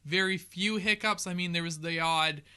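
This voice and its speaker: A man's voice: high voice, fairly even intonation, moderate pace, pushed and bright, clean tone. A man co-hosting a casual sports chat show, upbeat and joking in his banter. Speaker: co-host.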